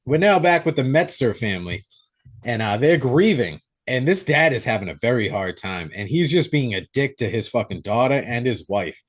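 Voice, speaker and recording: A young man co-hosting a podcast, recapping a horror movie in a profane, animated way. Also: medium pitch, normal speed. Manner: profane, animated storytelling with acted-out quotes. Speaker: podcast co-host. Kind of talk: casual movie recap chat.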